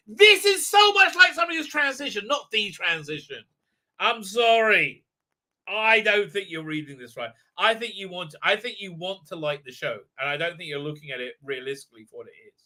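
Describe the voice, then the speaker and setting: A male host recapping a TV episode on a live stream in heated, indignant casual talk, full of halting restarts. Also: high voice, big pitch swings, pushed and bright. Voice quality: frequent filler sounds and restarts, heated, indignant. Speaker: show host.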